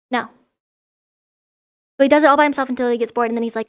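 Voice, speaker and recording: A woman's voice: high-pitched, fairly even intonation, quick pace, long pauses, smooth. A young woman vlogger giving a casual, sarcastic recap of a children's story, swearing freely as she goes. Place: room in a school.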